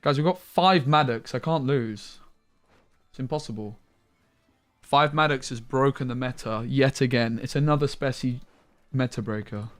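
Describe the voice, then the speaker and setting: A man's voice: medium pitch, moderate pace, soft background music. A man streaming a card game, giving casual commentary full of jokey banter with viewers and muttered asides.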